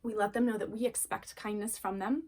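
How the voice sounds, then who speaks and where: A woman's voice: mid-range voice, fairly even intonation, brisk, a little mellow. A woman, a mother of young children, giving a casual spoken lesson on parenting in an earnest, encouraging way and repeating key phrases. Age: adult parent. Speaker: parenting course teacher.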